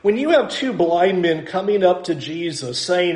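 A man's voice: high voice, animated, moderate pace, hardly any pauses, darkish tone, roomy sound. A man preaching a sermon in a conversational, self-deprecating way, acting out little asides. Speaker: pastor.

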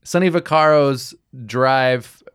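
A man's voice: mid-range voice, takes it slowly, fairly bright tone, smooth. A man hosting a podcast in casual chat, thoughtful and often searching for his words. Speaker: podcast host.

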